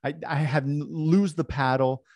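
A man from California telling a personal story in an animated, self-deprecating way to an audience. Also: a little high, normal speed, no room sound. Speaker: speaker. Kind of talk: storytelling talk.

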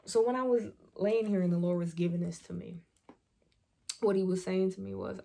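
A woman's voice: medium pitch, steady tone, brisk, gravelly, mellow, husky. A woman vlog host giving an earnest devotional talk, reading scripture aloud and reflecting on it through personal testimony.

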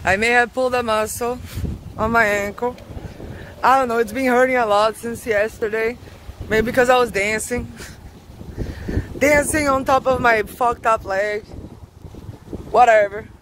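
A woman's voice: a little high, fairly even intonation, a little slow, pauses often, fairly bright tone, a little hiss or hum. A woman vlogging in a casual, rambling monologue, profane and offhand, laughing often as she talks outdoors on a street.

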